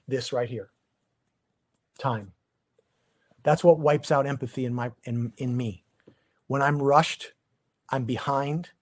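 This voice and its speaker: A middle-aged man, a chiropractor, giving an informal seminar talk to colleagues, conversational and animated, firing off rhetorical questions at his listeners. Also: medium pitch, dry recording. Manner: animated, asks the audience many rhetorical questions; loose, conversational, with frequent restarts. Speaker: chiropractor presenting a practice seminar.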